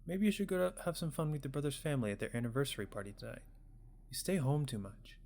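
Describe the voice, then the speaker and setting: A man voicing a gentle, tired father speaking softly and tenderly to his daughter. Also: mid-range voice, quick pace, gravelly, a little hiss or hum, close to an everyday voice. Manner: soft, quiet, tender.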